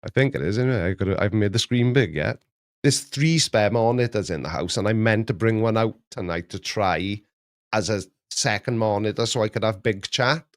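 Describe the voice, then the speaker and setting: A man's voice: fairly low pitch, brisk, dry recording, studio quality. A middle-aged man hosting a casual live chat, joking, laughing often and reading out viewer messages. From Wales. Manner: jokey, laughs often, reads chat aloud. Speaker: livestream host.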